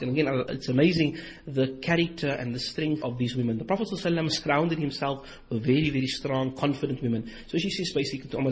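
A man's voice: mid-range voice, fast talker, breathy edge, highs cut off. A man giving an Islamic lecture in a series, retelling stories animatedly with quoted dialogue.

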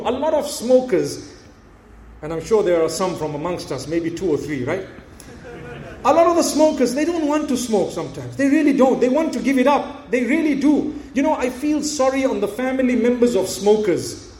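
A man preaching a sermon in a very high voice, telling stories and acting out each speaker. The sound is echoey, with a faint hiss behind it. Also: normal speed. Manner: storytelling, animated, acts out dialogue.

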